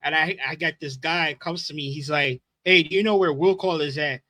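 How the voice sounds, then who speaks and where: A man co-hosting a podcast, excitable and profane, reacting quickly and telling his own stories. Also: fairly high pitch, no echo. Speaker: podcast co-host. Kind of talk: casual chat, storytelling.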